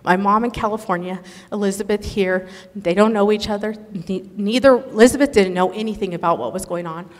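A woman telling an emotional religious testimony in an earnest, animated storytelling manner. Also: mid-range voice, fairly quick. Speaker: speaker sharing a testimony. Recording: echoey hall.

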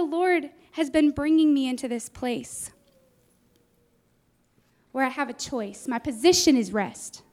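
Woman, high voice, earnest preacher, personal testimony sermon. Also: unhurried, pauses often, a little mellow. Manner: earnest, storytelling, acts out her own past words.

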